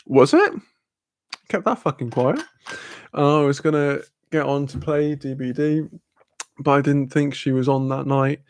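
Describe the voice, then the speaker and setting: A man's voice: mid-range voice, unhurried, pauses often, a little mellow, slight background noise. A man hosting a livestream, casually reading the chat aloud, laid-back, laughing often and swearing freely. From Wales. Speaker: livestream host.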